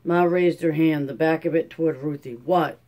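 A man reading a classic novel aloud in a steady, measured audiobook narration. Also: on the high side. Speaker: audiobook reader.

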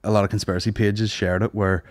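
A man's voice: lowish voice, level tone, quick pace, no echo, clean studio sound. A man co-hosting a podcast, trading crude jokes and slipping into put-on voices. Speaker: podcast co-host. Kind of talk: crude comedic banter.

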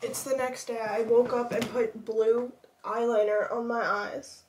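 A woman's voice: a little high, little pitch movement, a little slow, a little mellow, slight background noise. Anxious rambling young woman vlogger. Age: young adult. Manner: rambling, self-deprecating, anxious. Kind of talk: casual vlog chat. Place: home, indoors.

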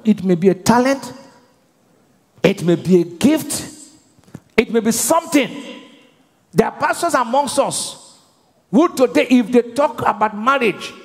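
A male pastor with a high voice preaches to his congregation. He leaves questions hanging for the crowd to answer. His voice rings out through the long reverb of a large church hall. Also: sing-song, moderate pace, pauses often, breathy edge. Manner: call-and-response preaching, asks the congregation to finish his sentences. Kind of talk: sermon.

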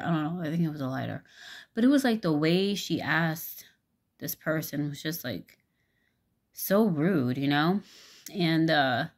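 A low-voiced woman tells a personal story in a loose, casual vlog. She rambles and halts, fills pauses with ums and likes, and swears freely and frankly. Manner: rambling, halting, with many fillers.

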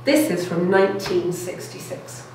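Woman, middle-aged lecturer, low, keen and chatty, very echoey room. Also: animated, unhurried, darkish tone. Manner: enthusiastic, keeps checking in with "okay?" and "all right?". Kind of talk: public science lecture. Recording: echoey room, distant mic, faint noise.

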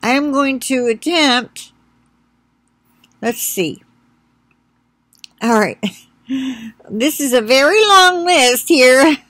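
A woman's voice: sits high, animated, fairly bright tone, no room sound. A woman in a casual home vlog, chatting and then reading a long recall list aloud. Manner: chatty, talks to her dog, reads slowly.

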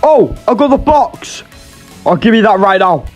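Lively, high-pitched gamer guy. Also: normal speed, music in the background. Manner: exasperated, swearing, jokey. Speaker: gaming YouTuber. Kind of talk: casual gameplay commentary.

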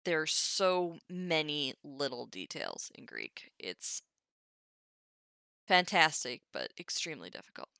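A woman's voice: low voice, huge pitch swings, unhurried, creaky, bright, forceful tone, dry recording, studio quality. A young woman teaching Ancient Greek on a live stream, thinking aloud with wry asides. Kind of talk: casual live-stream lesson.

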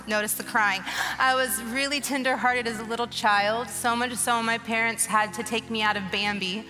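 Woman preaching her testimony, bright high voice, big echoey church hall with soft music under it. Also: steady tone, moderate pace. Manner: emotional, earnest, preaching with rising urgency. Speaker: guest speaker. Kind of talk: testimony sermon at a church conference. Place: large church auditorium. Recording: long hall reverb with soft music behind.

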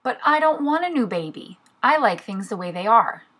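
A woman voicing a stubborn, sulky little boy tiger cub in a children's storybook reading, with a high, whiny child voice. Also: animated, moderate pace, pushed and bright, husky, heavily acted.

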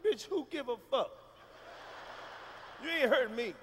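A man doing a loud, profane, animated stand-up comedy routine on a live stage. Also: extremely high pitch, a little slow, slight background noise.

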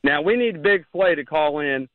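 A man calling into a radio show, out of breath and rambling excitedly about a game. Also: a little high, moderate pace, no room sound. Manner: rambling, excited fan talk. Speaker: caller. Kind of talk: casual call-in chat. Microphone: phone. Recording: tinny phone line.

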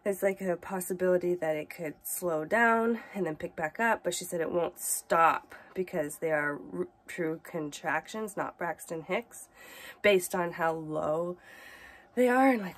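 A woman's voice: fairly low pitch, unhurried. A woman with a blocked nose from a cold, chatting casually as a mother vlogging and narrating her home birth, with plenty of filler words. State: congested from a cold. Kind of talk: casual vlog and voice-over commentary.

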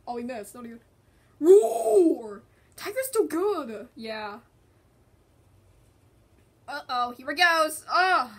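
A woman hosting a gaming video, excitedly reacting to a match and chatting in voices for her stuffed animals. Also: high voice, takes it slowly, pauses often. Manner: excitable, squealing and groaning at the game. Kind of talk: playful game commentary with toy voices.

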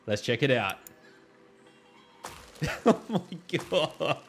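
A man giving excited, exclaiming commentary while playing a building game, often shouting at it and laughing. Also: mid-range voice, very slow, faint music behind. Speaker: gaming video creator. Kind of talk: excited let's-play commentary.

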